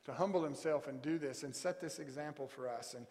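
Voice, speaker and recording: A man preaching a sermon and reading scripture aloud, with heavy emphasis on key words that he slows right down to stress. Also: on the high side, darkish tone, long reverb tail. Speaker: pastor.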